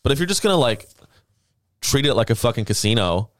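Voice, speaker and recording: In a clean, dry studio recording with no room sound, a man with a medium-pitched, sing-song voice talks briskly. He's a podcast co-host in casual chat, blunt and swearing freely.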